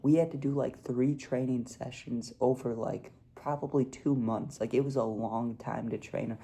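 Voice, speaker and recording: A man's voice: mid-range voice, steady tone, normal speed, vocal fry, mellow, slightly rough. A young man telling a casual storytime vlog, laid-back and peppering his talk with "dude" and "like". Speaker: vlogger.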